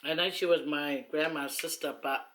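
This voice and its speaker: A middle-aged woman with a Samoan accent speaks in a low, slightly bright voice at a moderate pace, her intonation fairly even. She's a mukbang vlogger sitting on a long chair at home, telling rambling, teasing stories to the camera and laughing often.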